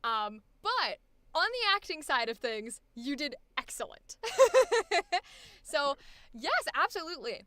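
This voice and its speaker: Casting note: high-pitched young female voice coach, chatty and exclamatory, dry close sound. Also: sing-song, a little slow, sharp tone, dry recording. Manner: chatty, laughs often, exclamatory. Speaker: voice acting coach. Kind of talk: live-streamed coaching session.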